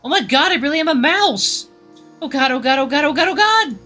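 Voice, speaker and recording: Man doing a young woman turned mouse, panicky, breathless squeals, soft music under. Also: very high voice, moderate pace, pitched above the performer's own voice, heavily acted. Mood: panicked.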